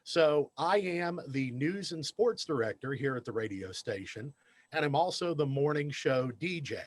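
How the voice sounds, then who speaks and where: A man's voice: on the high side, moderate pace, no echo. Upbeat man telling radio stories. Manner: animated anecdote teller, self-deprecating. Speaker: radio DJ and news director, guest. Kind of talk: casual podcast storytelling.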